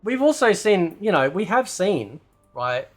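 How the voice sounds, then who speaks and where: A man's voice: high voice, very animated, unhurried, faint music behind. A man hosting a ranting commentary video, loose and combative, who keeps asking "right?". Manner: loose, rambling delivery with fillers and swearing. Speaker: commentary channel host.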